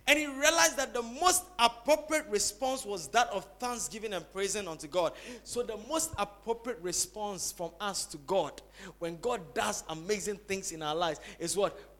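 A man preaching a sermon as pastor, swinging between loud exclamations and soft quick asides. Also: high voice.

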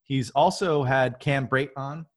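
Guy hosting a podcast, rambly, keeps restarting, chuckles a lot, mid pitched. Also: measured pace. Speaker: podcast host. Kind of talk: casual chat.

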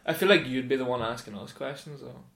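A man's voice: medium pitch, fast talker, vocal fry, fairly bright tone. A young man teasing and laughing during casual podcast chat. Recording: echoey room with chatter.

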